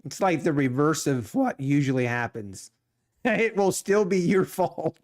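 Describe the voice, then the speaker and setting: A middle-aged man rambles through jokey, casual talk on a live stream, laughing easily as he answers the chat. His voice sits a little high, and he speaks at an unhurried, drawn-out pace. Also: animated, a little mellow. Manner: laughs often, rambling and joking. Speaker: live-streaming day trader.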